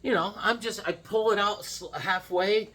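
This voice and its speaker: A middle-aged man vlogging about comic books in a casual, rambling way, full of restarts and animated retellings. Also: high-pitched, moderate pace, breathy edge. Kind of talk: casual chat.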